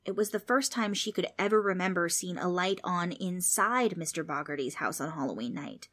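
A woman reading a children's storybook aloud as narrator, steady and expressive. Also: lowish voice, normal speed.

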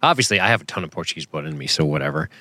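A man's voice: a bass voice, animated, rapid-fire, sharp tone. A man from southeastern Massachusetts co-hosting a casual chat, crude and profane, joking often. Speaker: podcast co-host.

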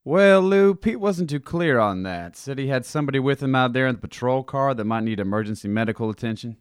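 A polite, mild-mannered schoolteacher, played by a man. His voice is mid-pitched and the sound is dry. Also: lively intonation, brisk, clear, resonant tone, no room sound, close to an everyday voice. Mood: calm. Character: polite middle-aged male schoolteacher, calm. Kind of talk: radio drama acting.

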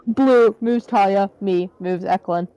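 A woman's voice: mid-range voice, takes it slowly, warm tone, clear, resonant tone, poor audio. A woman playing a tabletop game, dry and joking as she narrates her character. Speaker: player. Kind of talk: casual tabletop play.

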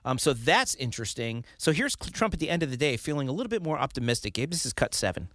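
A man hosting a political talk show, opinionated and animated, often laughing and mimicking the people he criticizes. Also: mid-range voice, quick pace, no echo, clean studio sound.

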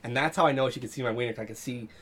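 A man's voice: mid-range voice, racing, a bit bright. A young man hosting a podcast, telling crude stories in casual chat with lots of laughter. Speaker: podcast host.

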